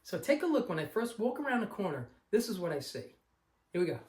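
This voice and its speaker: This car collector vlogger from Long Island talks fast in a high, very animated voice with a darkish tone. He tells a meandering anecdote about discovering a car, playing the people involved, in an echoey room.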